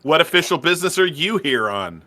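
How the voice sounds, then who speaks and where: A fierce, commanding woman adventurer barks threats at strangers, put on by a man at a tabletop game. The voice sits well above his own and rings bright and forceful. Each line is a hard-edged challenge. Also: on the high side, sing-song, fairly quick, no room sound, clean studio sound, voice pushed up. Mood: threatening. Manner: shouted challenges, menacing.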